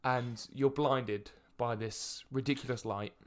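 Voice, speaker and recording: A man narrating a tabletop game as dungeon master, describing scenes with halting fillers. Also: mid-range voice, fairly even intonation, heavy background noise.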